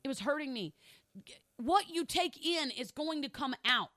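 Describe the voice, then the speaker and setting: A middle-aged woman pastor delivers a sermon in a bright, clear voice that sits a little high. She speaks candidly about her own life and hammers points home by repeating them. The sound is close and dry. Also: expressive, normal speed, no room sound. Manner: emphatic, repeats phrases for stress; candid personal storytelling.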